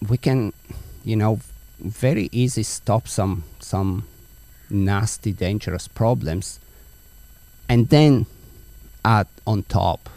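Gravelly and mellow, this man's somewhat low voice carries a conversational podcast interview he's hosting. As a dog trainer, he makes his points earnestly through everyday analogies.

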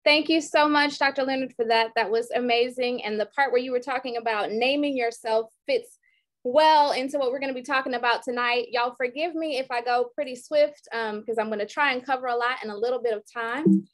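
A woman's voice: a little high, brisk. A woman in her thirties, an educator from Detroit, giving an online workshop talk and reciting a rhyming, rhythmic poem about herself over a video call. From Detroit, raised in Georgia. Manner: rhythmic, rhyming poetic delivery.

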